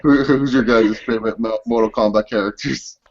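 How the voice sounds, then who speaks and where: A man's voice: medium pitch, steady tone, a little fast, darkish tone. A young man hosting a casual chat, joking, swearing and breaking into loose impressions. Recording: dull lo-fi recording.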